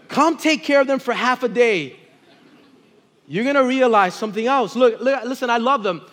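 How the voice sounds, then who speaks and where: A man in his thirties preaching a sermon, telling a family story and rising from quiet reflection to loud exclaiming. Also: extremely high pitch, moderate pace. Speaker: pastor. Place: church with congregation responding.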